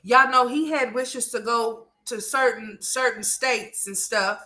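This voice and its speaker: Speaking unhurriedly in a fairly high pitch, this livestream host talks to her chat, addressing viewers as honey and sweetheart. Her commentary is chatty and emphatic, alternating loud animated moments with soft murmurs.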